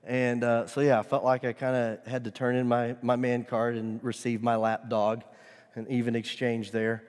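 A middle-aged man preaching a sermon as pastor, earnest and at times loud and emphatic. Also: medium pitch, flat delivery, moderate pace. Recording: long hall reverb.

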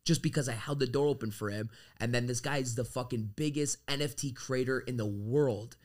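Fast-talking, profane man from Canada. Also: medium pitch. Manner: energetic, profane, storytelling. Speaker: guest. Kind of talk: casual podcast conversation.

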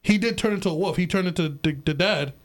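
A man's voice: high voice, quick pace. A man co-hosting a casual podcast chat, rambling through a recap with repeated words and quoted lines. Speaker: podcast co-host.

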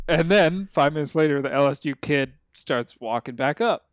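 A man chatting on a podcast, telling a story from a game and putting on quick voices for the people in it. His voice is smooth and clear, recorded close and dry. His pitch sits in the middle range for a man. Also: no echo. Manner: storytelling, acts out quoted people. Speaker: podcast co-host. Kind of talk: casual chat.

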